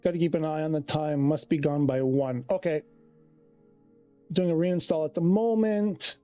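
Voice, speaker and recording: A man's voice: a little high, normal speed, warm tone, faint music behind. A man hosting a casual live stream, rambling, restarting his sentences and reading chat messages aloud. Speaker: livestreamer.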